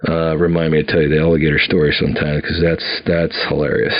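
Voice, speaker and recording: Brief: low-voiced man in his fifties, rambling storyteller with lots of fillers, dull lo-fi audio. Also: little pitch movement, fast. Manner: rambling, many "you know" fillers and restarts. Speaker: company founder telling his army story. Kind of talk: casual storytelling.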